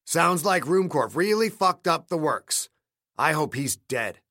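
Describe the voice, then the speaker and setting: Un homme jouant un blessé grossier et sarcastique. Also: male voice, a little high, big pitch swings, measured pace, pushed and bright, no room sound, studio quality, exaggerated voice. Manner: profane, sardonic. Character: battered injured man, crude and sardonic.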